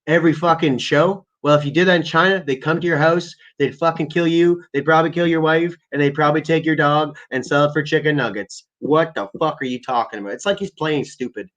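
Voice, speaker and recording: A man's voice: on the high side, brisk, hardly any pauses, a bit bright, lo-fi sound. Rambling profane man. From Canada. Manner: rambling, profane, many fillers. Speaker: livestream host. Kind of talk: casual profane rant.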